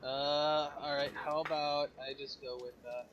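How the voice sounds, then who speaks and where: A man's voice: on the high side, little pitch movement, unhurried, muffled recording, crowd noise. A man reading game dialogue aloud and joking around while he plays. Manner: playful, jokey, does character voices. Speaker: gaming co-host. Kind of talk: casual let's play, reading dialogue aloud.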